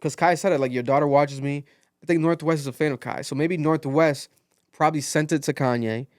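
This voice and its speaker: Young male podcast host, slightly high voice, dry close mic, animated storyteller. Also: a little fast, dry recording. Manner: animated storytelling, acts out quotes. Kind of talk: casual podcast chat.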